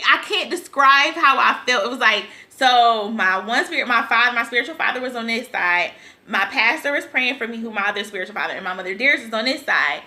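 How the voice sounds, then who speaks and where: A woman's voice: on the high side, sharp tone. A woman vlogger telling a personal story, tearful and rambling, laughing through her tears.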